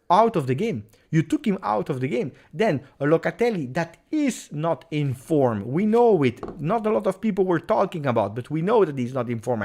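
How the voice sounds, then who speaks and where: A man's voice: mid-range voice, darkish tone. A man hosting a live football reaction stream, agitated and emphatic, repeating his points. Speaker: football channel host.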